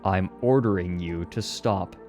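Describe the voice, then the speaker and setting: A stern ship captain with a very low, dark voice, issuing clipped orders, as a man acts him out. Quiet music runs underneath. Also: unhurried. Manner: commanding and clipped. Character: stern middle-aged male ship captain.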